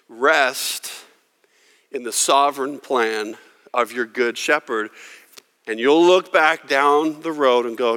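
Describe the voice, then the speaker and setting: Male pastor preaching with bright, forceful energy in a large reverberant sanctuary; dramatic, acts out the prayers. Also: mid-range voice, steady tone, measured pace. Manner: dramatic, voicing quoted prayers with rising intensity. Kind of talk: sermon. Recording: long hall reverb.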